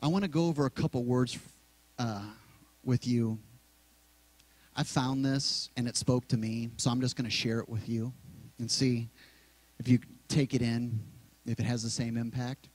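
A man's voice: medium pitch, fairly even intonation, darkish tone, no room sound, low-quality recording. Man preaching a conversational sermon, dry sound. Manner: conversational preaching, repeating key words slowly. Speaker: pastor. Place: church sanctuary.

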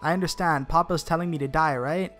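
Man reading clingy girl, deadpan, fairly high voice, quiet game music. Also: a little fast, close to an everyday voice. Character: clingy young wolf-girl, flat and blunt.

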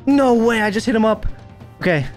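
High, lively excitable young man. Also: fairly quick, faint music behind. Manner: playful, excitable, trash-talking, jumps into high yelps. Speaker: gaming YouTuber. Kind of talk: gameplay commentary.

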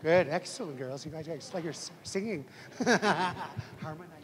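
A man's voice: on the high side, normal speed, noisy background. Chuckling man teaching in a reverberant hall. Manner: encouraging, chuckling, calls for more volume. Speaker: language teacher. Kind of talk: leading a group drill of a greeting.

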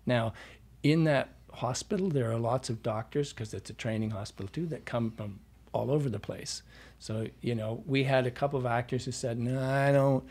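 A man's voice: mid-range voice, normal speed, a little mellow, breathy edge. A middle-aged man, a dialect coach, telling anecdotes in a casual interview and quoting himself as he goes.

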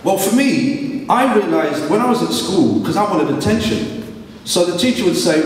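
A man's voice: high-pitched, moderate pace, distant mic, slight background noise. Middle-aged man telling stories in an echoey hall. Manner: animated, humorous, acts out voices. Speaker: guest speaker. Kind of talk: storytelling talk to a live audience. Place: large hall at a live event.

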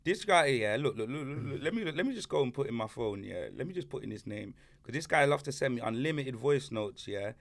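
A young man hosting a casual football chat, teasing and animated, full of slang. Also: medium pitch, brisk, hardly any pauses. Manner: animated, teasing, shouts and laughs, London slang. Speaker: host.

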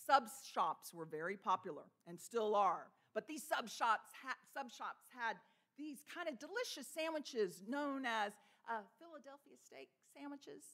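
A woman pastor from Texas preaching a sermon in a church, telling stories in a lively way. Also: a little high, unhurried. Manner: storytelling with laughs and imitated voices. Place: church sanctuary.

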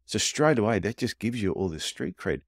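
A man's voice: on the low side, a little fast, no room sound, clean studio sound. An Australian man co-hosting a podcast, telling stories and acting out the people in them. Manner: animated storyteller who acts out quoted dialogue. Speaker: podcast co-host, podiatry business coach. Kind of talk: casual podcast chat.

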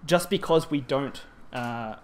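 In a presentation hall, a man giving a conference talk on Japanese grammar speaks slowly in a mid-range voice. He walks through the material step by step, with frequent ums and restarts.

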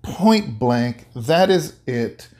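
A male pastor giving an animated, conversational sermon-like talk, often repeating himself. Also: mid-range voice, drawn-out words. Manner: animated, repetitive, conversational preaching. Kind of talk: casual sermon-like chat.

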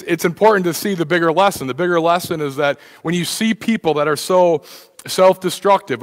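A pastor preaching a conversational sermon, often restarting phrases and filling pauses with "uh" and "you know.". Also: male voice, on the high side, fairly bright tone. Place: church sanctuary. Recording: reverberant church hall.

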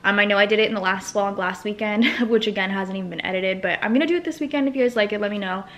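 A woman's voice: medium pitch, rapid-fire, fairly bright tone. A young woman talking casually in a home vlog, rambling with lots of fillers as she talks through her work. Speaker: small business owner and vlogger. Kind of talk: casual chatty vlog narration.

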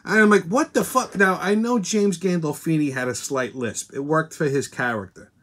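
A man's voice: fairly high pitch, normal speed, fairly bright tone. A man hosting his show, ranting bluntly and crudely about a movie with constant swearing. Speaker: show host. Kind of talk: profane movie rant.

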